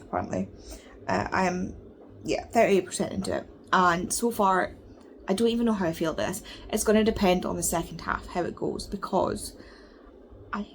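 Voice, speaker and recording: A woman's voice: mid-range voice, slight background noise. Chatty woman rambling about books. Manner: chatty, animated, rambling with fillers. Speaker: book vlogger. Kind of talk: casual reading vlog chat.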